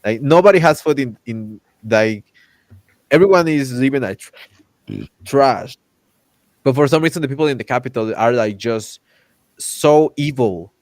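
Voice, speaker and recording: A man hosting a casual chat, ranting in an animated way and acting out characters' lines with exaggerated voices. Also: mid-range voice, moderate pace, long pauses, no echo. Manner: loose, repetitive restarts while ranting. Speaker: podcast host.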